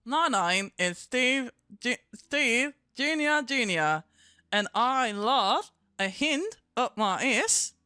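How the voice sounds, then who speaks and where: A woman voicing a crude, goofy male ventriloquist puppet who talks slowly. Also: fairly high pitch, sing-song, sharp tone, clean tone, dry recording, clean studio sound, exaggerated voice. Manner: slow, drawn-out delivery.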